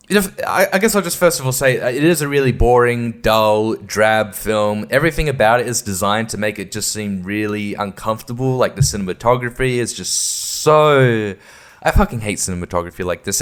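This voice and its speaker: Profane ranting male podcaster. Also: medium pitch. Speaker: podcast host. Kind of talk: casual ranting monologue.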